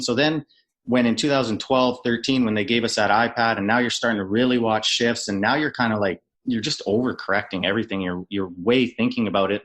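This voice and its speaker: A man in his thirties from Canada, a former hockey player telling stories on a podcast and swearing freely. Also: fairly low pitch. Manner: animated storyteller, mimics yelling coaches, swears freely. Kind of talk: casual storytelling on a podcast.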